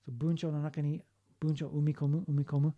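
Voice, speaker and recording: A man giving a linguistics lecture, explaining slowly, repeating key points and adding short Japanese glosses. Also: on the high side, little pitch movement, no room sound, dull audio. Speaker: linguistics teacher. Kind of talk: online lecture.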